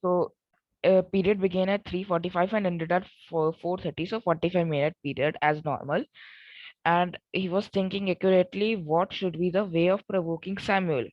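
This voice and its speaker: Woman reading a story in a low, dry voice. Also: steady tone, dry recording. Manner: halting, with self-corrections and fillers while retelling. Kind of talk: reading a story aloud with retold explanations. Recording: dull, muffled recording.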